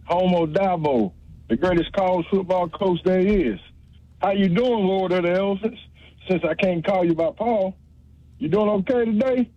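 High-voiced teasing male caller. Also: moderate pace, no echo. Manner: teasing, rambling. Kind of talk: casual call-in banter. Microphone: phone line. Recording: dry muffled phone line.

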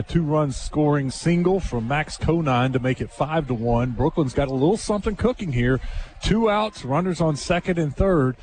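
A man's voice: mid-range voice, a little mellow, slight background noise. A man hosting a live sports broadcast, calling a baseball game in a chatty, conversational way with frequent "uh"s. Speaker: radio sports host and play-by-play announcer.

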